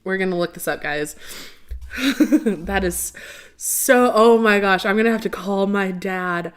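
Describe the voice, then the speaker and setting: A woman's voice: mid-range voice, unhurried, pauses often. A young woman hosting a casual livestream, chatting with viewers in a rambling way full of fillers. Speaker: livestream host.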